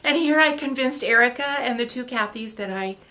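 A woman's voice: a little high, a little fast, sharp tone. A woman talking to her readers on video, emotional and gushing, who laughs and gets choked up as she opens gifts. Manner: reads a letter aloud. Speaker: author opening reader gifts.

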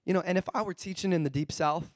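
A man preaching a sermon as pastor, animated and acting out the voices of the people he describes. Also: high-pitched, fast talker, dry recording, studio quality. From California. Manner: animated, acts out quoted voices.

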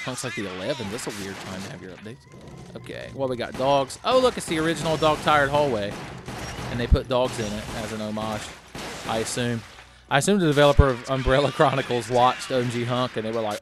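Animated, foul-mouthed gaming man. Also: mid-range voice, a little fast, background noise. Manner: profane, sarcastic, bursts into yelling. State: tipsy from drinking. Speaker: gaming show host. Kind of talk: let's-play commentary.

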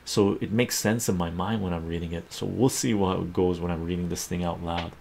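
Gravelly low-voiced male streamer. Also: steady tone, brisk, a little mellow, a little hiss or hum. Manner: chatty, laughs often, reads chat aloud. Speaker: live stream host. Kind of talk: casual live stream chat.

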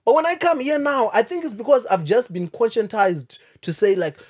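A man from Zimbabwe co-hosting a podcast, chatting quickly and casually with a lot of agreeing. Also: very high voice, slightly rough. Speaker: podcast co-host.

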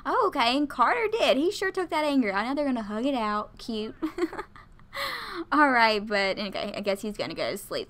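A woman's voice: a little high, sing-song, normal speed, fairly bright tone. A woman casually commentating her life-sim game, chatty and laughing often. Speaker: let's play host.

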